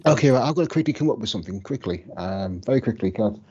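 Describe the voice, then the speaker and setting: A man's voice: lowish voice, animated, fast talker, darkish tone, slightly rough, no room sound, lo-fi sound. A man co-hosting a podcast, laid-back, answering in short replies. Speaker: podcast co-host. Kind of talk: casual chat.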